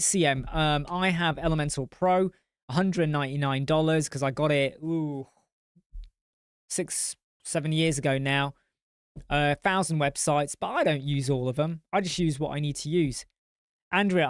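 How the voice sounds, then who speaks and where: A man's voice: a little high, dry recording, studio quality. A man hosting a live-stream chat, swearing bluntly as he tells client stories and answers viewer comments. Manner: blunt and profane. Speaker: host.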